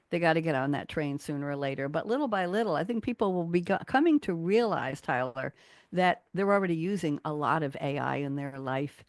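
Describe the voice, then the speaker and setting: A woman hosting a radio talk show, chatty and animated, jumping between asides. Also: low-pitched, a little fast, no echo, studio quality. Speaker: host.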